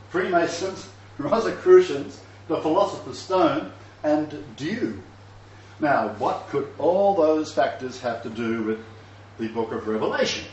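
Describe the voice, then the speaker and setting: A man's voice: on the high side, slight background noise. A man giving a Bible lecture to a live class, reading verses and adding chatty asides with small chuckles. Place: lecture room. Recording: roomy, distant, dull lo-fi room recording.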